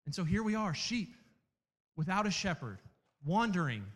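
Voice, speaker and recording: Man, thirties, earnest sermon, high voice, long hall reverb, repeats phrases with pauses. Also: sing-song, a bit bright. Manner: earnest, emphatic repetition with dramatic pauses. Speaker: campus minister preaching.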